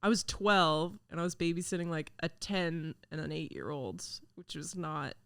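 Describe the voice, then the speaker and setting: Young woman, podcast host, giggly, chatty, lowish voice, dry studio sound. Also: normal speed, creaky, fairly bright tone, smooth, no room sound. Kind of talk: casual chat.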